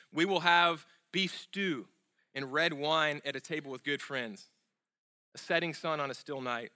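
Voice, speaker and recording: Guy pastor preaching, really bright clear voice, earnest, lots of ums and restarts, goes quiet and low on the big lines. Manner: earnest, repeats key phrases, drops soft and low on closing lines; fillers and restarts in unscripted stretches. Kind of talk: sermon.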